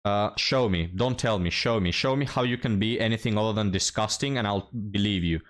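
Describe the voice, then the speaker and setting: A man's voice: on the low side, a little fast, fairly bright tone. A man hosting a reaction commentary, blunt and mocking as he talks to his viewers. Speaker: commentary host.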